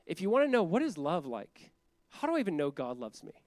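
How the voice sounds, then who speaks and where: A pastor delivering a sermon in a bright, high male voice, pressing his points through repetition. He talks in a casual, animated way and laughs readily as he goes. The sound is dry, with almost no room around it. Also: quick pace, no echo. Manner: animated, conversational preaching with emphatic repetition; laughs often while speaking.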